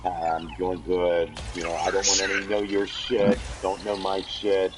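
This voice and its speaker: A man's voice: low voice, flat delivery, measured pace, very noisy. A man in casual voice chat, talking in a laid-back, drawling way. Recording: music playing loud behind voice.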